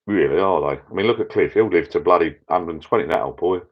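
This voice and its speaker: A middle-aged man hosting a casual live chat with viewers from his backyard pub shed, rambling and getting easily excited. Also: low-pitched, quick pace. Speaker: channel host. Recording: dull lo-fi sound.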